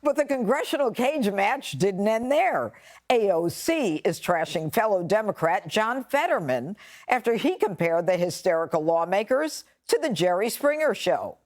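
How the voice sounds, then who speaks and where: A woman's voice: medium pitch, sing-song, moderate pace, a little mellow. A woman hosting a panel show, reading a scripted opener in a punchy, mocking way.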